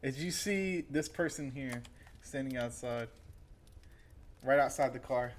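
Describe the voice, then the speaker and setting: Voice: medium pitch, unhurried. A game master narrating a tabletop game, loose and playful, often breaking into laughter.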